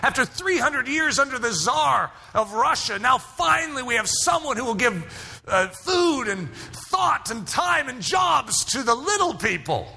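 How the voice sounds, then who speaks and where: Emphatic high-voiced preacher in a hall. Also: male voice, big pitch swings, unhurried, vocal fry, husky. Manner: emphatic preaching, shouting at peaks. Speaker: pastor. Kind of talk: sermon. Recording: hall reverb.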